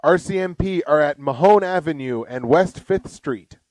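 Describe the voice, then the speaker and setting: A man co-hosting a podcast, chatting casually and reading out police scanner posts slowly, laughing often. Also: on the high side, a little mellow, no echo. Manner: laughs often, reads items slowly and deliberately. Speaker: podcast co-host.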